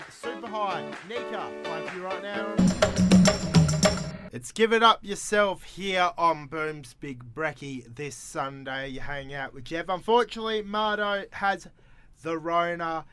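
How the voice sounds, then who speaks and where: A man's voice: sits high, bright, forceful tone, clean tone, no echo. A man with an Australian accent hosting breakfast radio, chatting in a playful, jokey way. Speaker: radio host.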